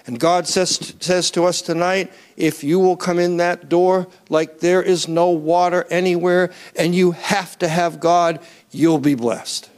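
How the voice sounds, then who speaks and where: Male preacher, high-pitched, animated sermon delivery that rises to near-shouts and calls on the congregation. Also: measured pace, few pauses. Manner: asks the crowd to raise hands.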